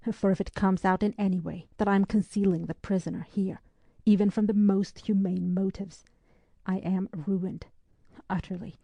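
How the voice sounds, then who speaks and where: A woman's voice: medium pitch, fairly even intonation, moderate pace, gravelly, warm tone, dry recording. A woman voicing a grim, curt naval captain in an audiobook, speaking in clipped, serious tones. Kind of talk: audiobook character reading.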